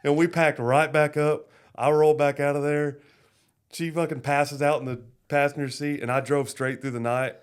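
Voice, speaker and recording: A man, a parts dealer telling profane, lively stories as a guest on a casual podcast. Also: medium pitch, clean tone. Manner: profane, lively anecdote-telling, acting out quoted voices.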